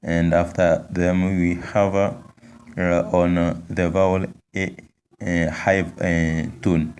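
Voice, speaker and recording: A man giving a language lesson, speaking haltingly with many fillers and repeating example words. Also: low-pitched, flat delivery, darkish tone, a little hiss or hum. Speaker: language teacher.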